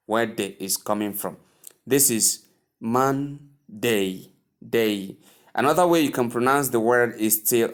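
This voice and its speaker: A man teaching English pronunciation, speaking deliberately and repeating each word several times for the listener to practice. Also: lowish voice. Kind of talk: pronunciation lesson.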